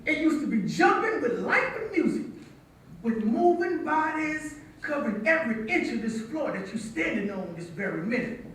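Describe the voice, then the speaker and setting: A woman performs a stage monologue as an older woman who wistfully tells young listeners about a once-lively dance hall. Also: high voice, moderate pace, a little hiss or hum. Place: theatre stage. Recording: echoey hall from far off.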